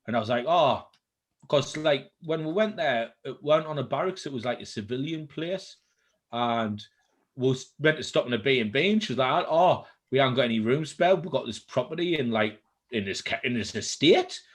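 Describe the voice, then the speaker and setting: A man's voice: mid-range voice, animated, normal speed. Laid-back man. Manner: laid-back, sweary anecdotes. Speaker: co-host. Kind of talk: casual chat over drinks.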